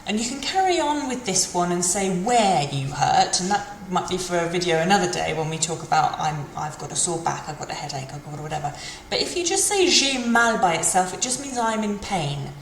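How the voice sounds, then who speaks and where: Woman teacher going slow and careful, lowish voice, echoey room w/ faint background hum. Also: animated. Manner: slow, careful, repeats phrases for practice. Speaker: French teacher. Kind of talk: language lesson.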